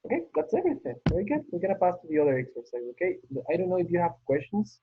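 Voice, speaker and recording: A man's voice: sits high, wildly swooping pitch, rapid-fire, slightly rough. A man teaching an English class online, patiently repeating praise as he works through the exercises. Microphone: video call. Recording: tinny phone-like call audio.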